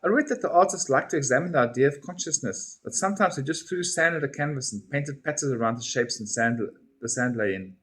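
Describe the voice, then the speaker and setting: A man's voice: medium pitch, quick pace, a bit bright, breathy edge. A man voicing a reserved British librarian who speaks dryly and understated, with a British accent. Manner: dry, understated.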